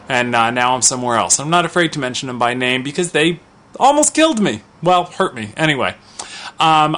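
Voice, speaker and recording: A man in his thirties delivering an impassioned opinion monologue to camera. His voice sits a little on the high side for a man, and he talks in an outspoken, conversational way, restarting sentences as he builds his case. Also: fairly bright tone. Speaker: vlogger.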